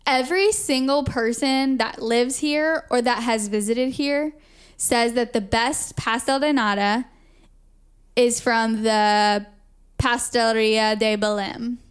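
Woman, podcast co-host, casual chat, filler-heavy, clear smooth tone. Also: a little high, steady tone, takes it slowly. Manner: chatty, laughs often, many "like" fillers.

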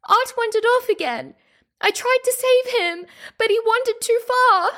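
A woman voicing a frightened young girl who whimpers and pleads in a high, shaky voice. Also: lively intonation, measured pace, fairly bright tone, exaggerated voice. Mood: tearful.

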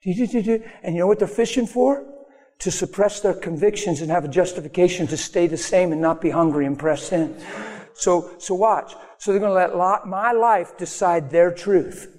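An animated male pastor preaching a sermon with a high voice, acting out the people he quotes. The sound carries a long reverb as in a hall. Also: normal speed.

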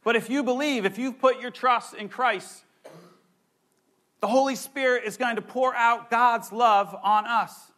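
A young man preaching a sermon, excitable and animated, with playful asides. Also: very high-pitched, unhurried. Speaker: pastor.

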